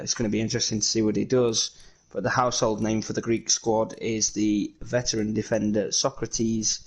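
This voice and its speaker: A man from England, commentating solo on a video game football match in lively play-by-play that is full of fillers. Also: fairly low pitch, poor audio.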